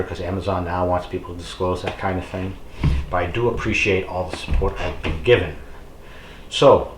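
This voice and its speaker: Middle-aged male vlogger, low-pitched and chatty, filler-heavy pep talk, reverberant room. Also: slight background noise. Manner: chatty and rambling, with many fillers; encouraging, addresses viewers as folks. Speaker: fitness vlogger. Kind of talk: casual motivational talk to camera.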